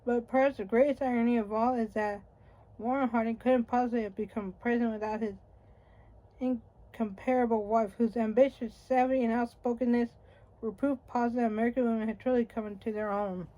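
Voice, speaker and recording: A woman's voice: fairly high pitch, fairly even intonation, fairly quick, dark tone, dull audio. A woman reading a nonfiction history book aloud, wry and conversational with occasional slips and restarts. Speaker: audiobook reader.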